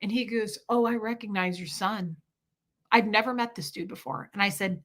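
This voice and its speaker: A woman hosting a livestream, telling stories in a casual, profane, animated way and acting out the people she quotes. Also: medium pitch, moderate pace. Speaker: livestream host. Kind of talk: casual storytelling to a live chat.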